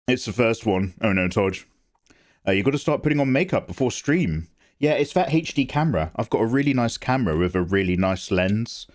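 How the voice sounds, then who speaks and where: Tired but still joking and animated, this art livestreamer talks at a normal speed in a lowish voice. He reads out viewer names and responds to messages in the chat.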